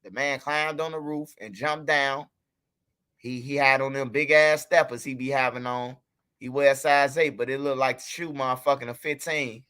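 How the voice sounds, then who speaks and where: A man's voice: mid-range voice, steady tone, moderate pace, pushed and bright, clear, resonant tone. A man hosting a livestream, telling a story and talking straight to his chat in a loose, profane way. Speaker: livestream host. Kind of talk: casual livestream commentary.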